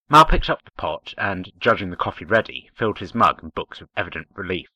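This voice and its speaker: A man reading fan fiction aloud, narrating in a measured, expressive way. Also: deep voice, no room sound, low-quality recording. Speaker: story reader.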